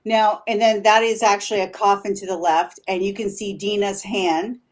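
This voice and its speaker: A woman's voice: mid-range voice, fairly even intonation, moderate pace. A woman guest talking casually as a paranormal investigator. She rambles and halts with many fillers, and she laughs easily. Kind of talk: casual interview chat.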